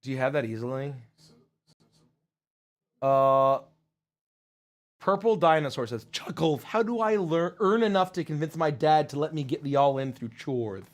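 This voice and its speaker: A man's voice: on the high side, expressive, unhurried, pauses often. A man hosting a casual live stream Q&A, reading out viewer messages with jokes and swearing. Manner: joking and profane, thanking viewers.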